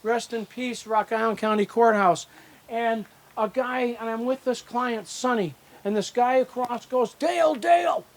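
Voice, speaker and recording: The hall of fame inductee, an older man, has a very high voice with a flat delivery and speaks a little slowly. His acceptance speech at an outdoor ceremony on a disc golf course rambles through stories in which he acts out the dialogue.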